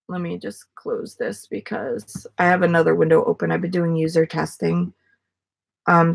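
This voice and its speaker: A woman's voice: fairly low pitch, vocal fry, a bit bright. Casting: middle-aged woman, casual vlogger, rambling outdoor livestream chat. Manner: rambling, chatty, many fillers and restarts. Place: outdoors in a front yard.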